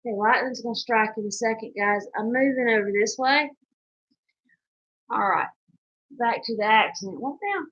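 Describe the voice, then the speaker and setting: A woman's voice: on the high side, moderate pace, pauses often, a bit bright. A woman with a Southern accent reading viewer comments aloud and teasing her husband on a casual livestream. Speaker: co-host. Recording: muffled lo-fi stream audio.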